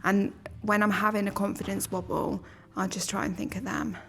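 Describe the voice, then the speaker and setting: A woman's voice: medium pitch, little pitch movement, moderate pace, creaky, a bit bright, slight background noise. A woman co-hosting a retreat, giving reflective, encouraging advice in a live Q&A. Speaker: retreat co-host. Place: retreat room with an audience.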